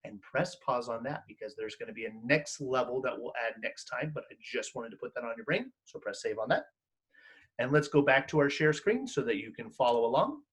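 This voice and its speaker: A man's voice: mid-range voice, fairly quick, breathy edge. A man teaching an online music class for children, talking encouragingly and singing songs for them to echo. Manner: animated, encouraging, sings call-and-response songs.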